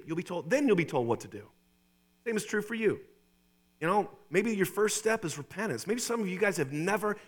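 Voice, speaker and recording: A male pastor preaching a sermon in a church, excitable and talking to the congregation directly, often repeating his phrases. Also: high-pitched. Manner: excitable, repeats phrases, addresses listeners as "you guys".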